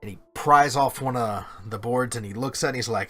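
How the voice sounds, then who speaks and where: A man's voice: mid-range voice, fairly quick, crowd noise. A man narrating as game master, rambling with lots of fillers.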